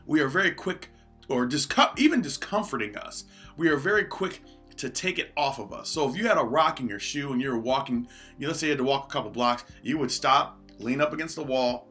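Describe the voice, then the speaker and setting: A man's voice: mid-range voice, a bit bright. A man giving an earnest motivational talk on a livestream, shifting his pace often. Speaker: motivational speaker.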